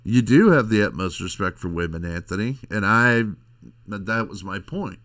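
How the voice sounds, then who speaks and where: A middle-aged man hosting a podcast, rambling in a crude, halting casual monologue. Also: on the low side, lively intonation, a bit bright. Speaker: podcast host.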